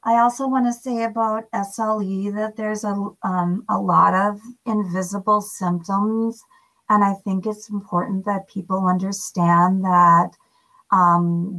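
A woman, a podcast guest speaking candidly and haltingly with many fillers. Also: medium pitch, flat delivery, vocal fry, a bit bright, poor audio. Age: 50s. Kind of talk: candid interview talk.

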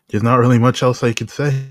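A young man co-hosting a casual podcast chat, laughing often and jumping up and down in pitch. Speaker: podcast co-host.

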